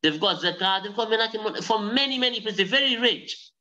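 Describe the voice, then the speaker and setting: A man teaching a live online religious class. He tells stories in an animated way and recites Arabic phrases quickly. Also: high-pitched, rough recording.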